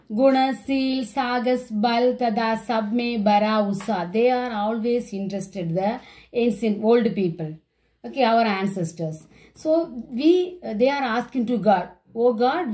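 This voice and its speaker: A woman with an Indian English accent teaches an online class. Her voice sits slightly high. She explains slowly and patiently, repeating sounds and words, and fills her pauses with "uh". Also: animated, darkish tone, rough recording. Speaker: school teacher.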